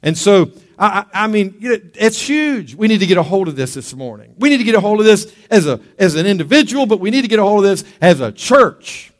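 A man preaching a sermon as pastor, lively and calling for amens from the church. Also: high voice, fairly quick, hardly any pauses, long reverb tail.

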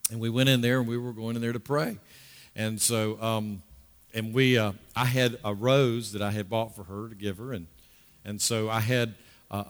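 A man's voice: medium pitch, fairly bright tone. A middle-aged male pastor preaching a conversational sermon, repeating words for emphasis and drawing out key phrases. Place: large church hall. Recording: long hall reverb.

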